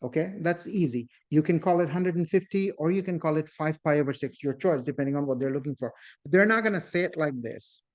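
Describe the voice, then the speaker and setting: The audio is dull as a man with a voice on the high side lectures a bit quickly to his math class. Calling the class "guys," he explains step by step, checks in frequently and asks for questions.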